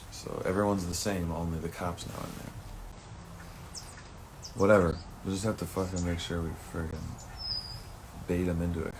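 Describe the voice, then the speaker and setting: A man's voice: low voice, background noise. A man talking through a rambling personal monologue, swearing often and turning heated and emotional at times.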